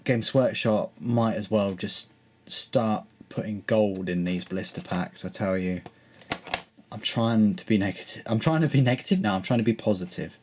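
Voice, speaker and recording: A low-voiced man from Britain talks through a casual unboxing vlog with wry, self-mocking asides and a rambling flow. A faint hiss sits under his voice. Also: normal speed. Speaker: hobby reviewer.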